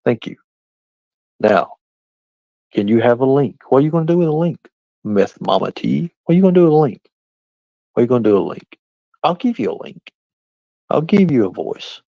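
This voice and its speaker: A man's voice: mid-range voice, big pitch swings, fairly quick, creaky, long pauses, mellow, dry recording. A man ranting on a casual livestream, combative and confrontational as he answers his chat, over dull lo-fi audio. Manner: combative, confrontational, talks straight back to chat. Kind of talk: casual live-stream rant. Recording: dull, lo-fi dry stream audio.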